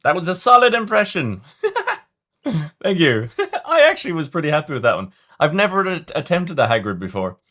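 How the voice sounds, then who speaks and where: A man's voice: fairly high pitch, huge pitch swings, moderate pace, pushed and bright. A man hosting a livestream, chatting casually and rambling as he reads viewer comments. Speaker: livestream host.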